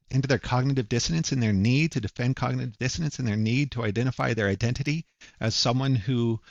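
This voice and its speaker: A man's voice: mid-range voice, no room sound, dull audio. A man ranting angrily in a profane, mocking monologue. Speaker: commentator. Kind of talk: angry monologue.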